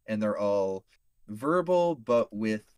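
A man's voice: on the low side, unhurried, no echo. A man playing a tabletop role-playing game, talking hesitantly with many fillers. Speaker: player. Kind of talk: casual tabletop role-play.

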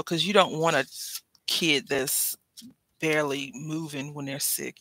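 A woman's voice: low voice, gravelly, sharp tone, breathy edge, no echo, low-quality recording. A woman chatting casually while she works on a craft project, rambling and wryly complaining in an easygoing way.

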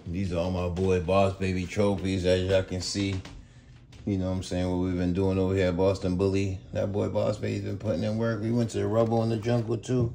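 A man's voice: low-pitched, monotone, fairly quick, gravelly, dark tone. A man casually vlogging about his dog kennel, rambling and laid-back, talking to viewers with lots of y'all and man. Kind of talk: casual vlog. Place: indoors at home kennel.

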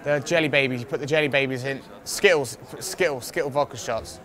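A man's voice: mid-range voice, a little fast. A young man, a fighter, telling a rambling anecdote in a casual interview, swearing freely and laughing often. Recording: crowd noise outdoors.

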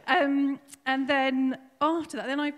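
A woman tells her story of faith at her baptism, her voice a little high and often close to tears. She talks haltingly, with many small fillers, and a long church reverb trails behind her words. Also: little pitch movement, fairly bright tone. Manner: emotional, tearful, halting with fillers. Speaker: baptism candidate giving testimony. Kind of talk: personal testimony in church. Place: church hall.

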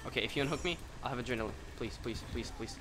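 A man giving live commentary on his own game, excitable and profane, swinging between mutters and sudden shouts. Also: medium pitch, very fast, noisy background.

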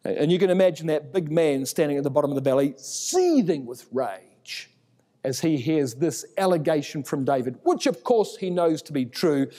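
A man's voice: a little high, big-room sound. A man teaching through a Bible passage verse by verse, acting out the dialogue with a raised voice. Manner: animated, acts out biblical dialogue in raised voice.

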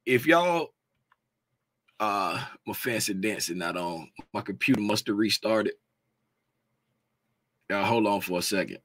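This man teaches trading on a relaxed livestream, addressing chat directly and wandering off topic often. He speaks in a lowish, slightly bright voice with lively intonation, at a measured pace full of pauses, in a dry recording.

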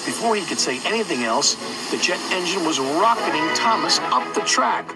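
A man reading a children's railway story aloud with an expressive, animated manner. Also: sits high, normal speed. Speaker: narrator. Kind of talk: storybook narration. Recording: loud music behind.

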